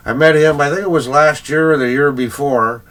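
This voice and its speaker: A man's voice: a little high, fairly even intonation, moderate pace, a bit bright. A middle-aged Canadian man, a record collector, chatting in a rambling casual vlog full of fillers and little chuckles.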